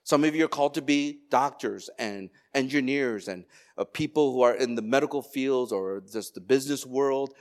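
A man's voice: medium pitch, normal speed, a little mellow. A man pastor giving a sermon, preaching with energy, stacking repeated phrases and telling personal stories.

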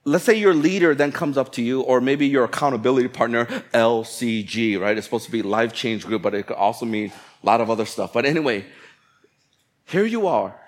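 A man's voice: mid-range voice, a little fast. A man preaching a sermon in a conversational, playful way, acting out people's thoughts as he goes. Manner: conversational, playful preaching with acted-out inner voices. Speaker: pastor.

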